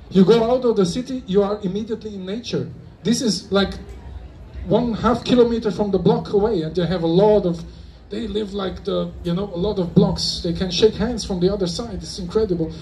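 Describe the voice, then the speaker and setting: A man's voice: high-pitched, darkish tone. A man from Germany with a German accent, giving a joking, rambling talk to a live audience at a convention. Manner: joking, rambling, playful asides. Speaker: conference speaker. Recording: distant mic with faint noise.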